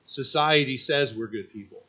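A man's voice: medium pitch, normal speed, sharp tone. A man preacher voicing an agitated young woman caller, a defensive atheist, who argues insistently and then stammers.

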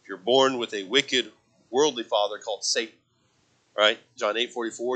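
A man preaching a sermon, swinging from loud impassioned passages to soft, quiet reflection and quoting scripture in old-fashioned wording. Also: medium pitch, steady tone, moderate pace, rough recording.

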